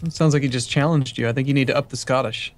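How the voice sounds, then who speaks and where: A man's voice: mid-range voice, steady tone, fast. Dry, teasing man chatting over a game. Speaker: game co-player. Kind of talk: casual chat while gaming.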